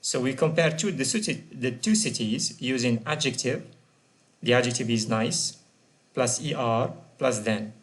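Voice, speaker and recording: A man's voice: medium pitch, a little slow. A man teaching an English grammar lesson, patiently repeating and spelling out example words.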